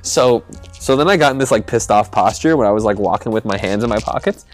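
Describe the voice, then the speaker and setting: A man's voice: on the low side, animated, fast, faint music behind. A young man co-hosting a podcast, telling an embarrassing story in a rambling, self-mocking way with lots of laughing. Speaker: podcast co-host. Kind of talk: casual storytelling chat.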